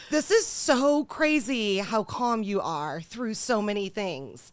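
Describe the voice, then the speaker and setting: A woman's voice: medium pitch, slow pace, pauses often, no room sound. A young woman co-hosting a comedic chat show, talking animatedly, laughing often and acting out what people say. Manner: animated, laughing, acts out voices. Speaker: podcast co-host.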